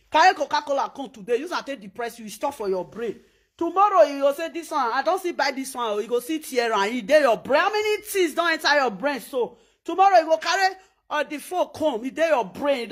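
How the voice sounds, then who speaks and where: A woman speaking Nigerian Pidgin English in an animated vlog monologue, emphatic and preachy, repeating her points. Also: high voice. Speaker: vlogger.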